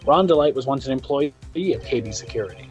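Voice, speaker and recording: A woman's voice: very deep voice, animated, fast, darkish tone, lo-fi sound, soft background music. A woman voicing a boastful man with a put-on swagger, taunting and theatrical. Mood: smug. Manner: mocking, theatrical, says amigo. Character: boastful man with fake Spanish flair, playing detective. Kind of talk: dubbing game dialogue on a stream.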